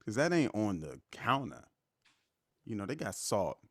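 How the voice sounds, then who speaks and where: A man guesting on a comedy podcast, lively and teasing in casual chat. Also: on the low side, measured pace, dry recording, clean studio sound.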